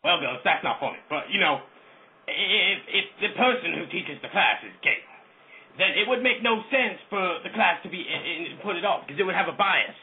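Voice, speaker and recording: A man calling in to a radio show who speaks haltingly. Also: high-pitched, expressive. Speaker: caller. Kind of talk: call-in phone chat. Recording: tinny phone line.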